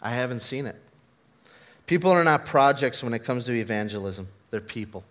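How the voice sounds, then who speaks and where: A man's voice: medium pitch, animated, normal speed, fairly bright tone. A man preaching a sermon, earnest and building to fervent emphasis, mixing in personal stories. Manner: tells personal stories with self-deprecating laughs.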